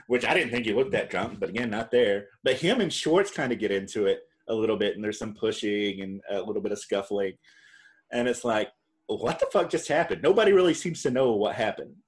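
A man co-hosting a podcast, recapping a reality show in casual chat, rambling and correcting himself as he goes, laughing often. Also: fairly low pitch. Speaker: podcast co-host.

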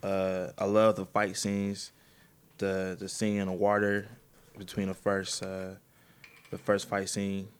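Low, casual male guest, halting, filler-heavy. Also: completely flat delivery, clean tone. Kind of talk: casual chat.

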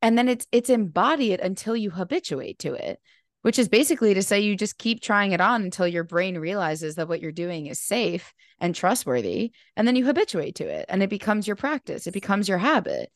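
A woman's voice: mid-range voice, animated, fairly quick, no echo, studio quality. A woman speaking as a podcast guest and mindfulness teacher, talking earnestly and animatedly with many casual fillers. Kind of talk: casual conversational interview.

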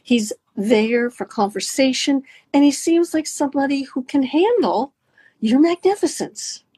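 A woman coaching listeners through a guided talk, animated and swooping her pitch up and down to demonstrate. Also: unhurried, dry recording. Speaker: dating and mindfulness coach.

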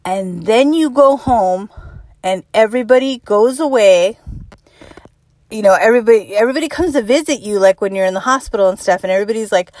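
A woman's voice: fast, a little mellow, no room sound. A woman in her thirties delivering a profane, exasperated comedic rant about parenting. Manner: exasperated, swears constantly, mimics others in high voices.

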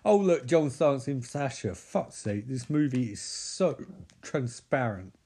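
Here a man riffs sarcastically on a movie while it plays, swearing and mimicking the characters in mocking put-on voices. His mid-range voice is animated yet measured in pace, dark in tone with a breathy edge.

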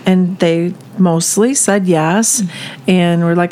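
A woman who volunteers with a ministry, telling a story in a halting way, with many fillers and restarts. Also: on the low side, steady tone, dark tone. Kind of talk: casual storytelling chat.

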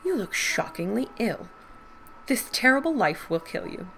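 A woman's voice: fairly high pitch, big pitch swings, unhurried, gravelly, fairly bright tone, a little hiss or hum, pitched above the performer's own voice, heavily acted. A woman reading a fussing, gossipy brother. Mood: alarmed. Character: man, the narrator's concerned brother.

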